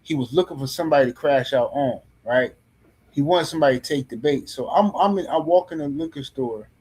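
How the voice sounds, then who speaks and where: A middle-aged man on a podcast panel tells a story casually, in a blunt, profane and animated way, often restarting his sentences. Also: a little high, husky.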